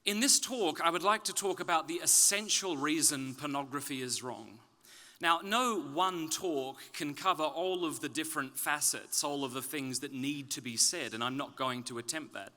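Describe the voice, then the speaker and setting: A man from Australia with a softened, slightly British-leaning Australian accent, giving a conference talk with self-deprecating jokes before turning earnest and explanatory. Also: fairly high pitch, moderate pace. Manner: joking, then earnest and explanatory. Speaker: speaker. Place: conference stage.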